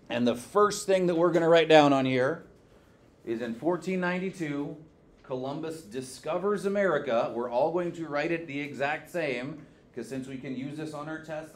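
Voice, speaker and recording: Man teaching a lively history class. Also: a little high. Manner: lively, asks the class questions, says okay often. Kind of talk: classroom lecture.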